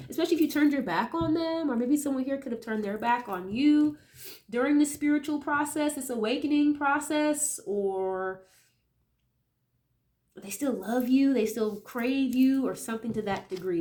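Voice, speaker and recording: A woman's voice: high voice, expressive, moderate pace, darkish tone. A woman with a nasal voice from a cold, chatting casually as she reads tarot cards for viewers, thinking aloud with many tag questions. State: getting over a cold. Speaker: tarot reader.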